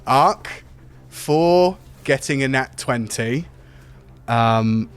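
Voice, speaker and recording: A man's voice: mid-range voice, lively intonation, very slow, clean tone. Man, game master, playful teasing narration, tabletop game podcast. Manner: playful, teasing, describes scenes vividly.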